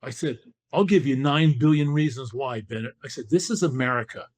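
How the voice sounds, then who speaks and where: A man's voice: medium pitch, fairly quick, a little mellow. An older man from California, a former football player, telling his story as a podcast guest and acting out the dialogue he quotes.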